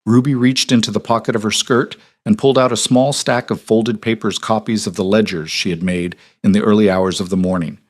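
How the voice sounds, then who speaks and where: A man reading a period romance story as scripted narration in a measured, unhurried way. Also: on the low side, steady tone.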